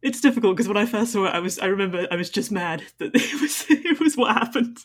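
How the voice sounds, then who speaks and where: A woman with a southern English accent chatting casually on a podcast roundtable, wry and quick to laugh. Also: mid-range voice, lively intonation. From England. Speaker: podcast panelist.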